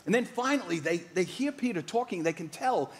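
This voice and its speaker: A man's voice: high voice, lively intonation, fairly quick. Male guest preacher, blended Australian-American accent, raised voice, dramatic sermon storytelling. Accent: mixed Australian-American. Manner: storytelling, dramatic, acts out quotes. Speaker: guest pastor.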